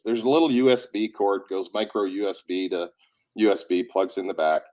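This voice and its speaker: A man with a lowish voice speaks briskly. He's an audiobook narrator with a cold, chatting casually and telling stories with animation, acting out each quoted line.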